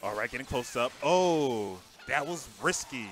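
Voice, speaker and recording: A man commentating a fighting game match live, his voice rising and falling in a lively, animated way. He is chatty and excitable, breaking into loud outbursts and then dropping to quiet asides. Faint music plays behind him. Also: medium pitch, fairly quick. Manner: excitable, chatty, swings between shouts and mutters. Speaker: tournament commentator.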